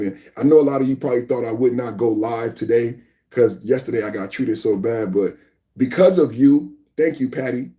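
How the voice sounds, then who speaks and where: A man hosting a live political podcast, talking in a mocking, animated way that repeats his points over and over. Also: mid-range voice. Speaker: podcast host. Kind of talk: live-stream political commentary.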